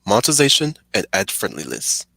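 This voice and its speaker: A man's voice: lowish voice, wildly swooping pitch, a little fast, gravelly, bright, forceful tone, husky, dry recording, heavily acted, rough recording. A man doing a stern alien warrior officer.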